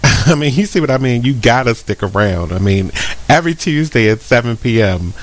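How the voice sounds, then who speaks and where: A man hosting a radio show, chatting casually and ranting in animated bursts. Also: mid-range voice, a little fast. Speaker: radio host. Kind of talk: casual talk radio chat.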